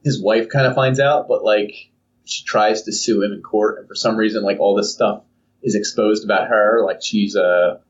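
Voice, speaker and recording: A man's voice: fairly low pitch, fairly even intonation, normal speed. A young man co-hosting a casual podcast, rambling through a story and acting out silly voices. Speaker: podcast co-host. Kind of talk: casual chat. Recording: distant, dull lo-fi mic.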